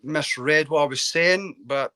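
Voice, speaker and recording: On a video call into a live football stream, a chatty caller from Scotland makes casual football talk, self-deprecating and stumbling over his words. He has a fairly high, bright, forceful voice and speaks a little slowly.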